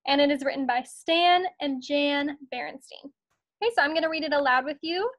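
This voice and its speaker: A woman's voice: high voice, fairly quick. A woman teacher reading a picture book aloud to her students in an encouraging, storytelling manner.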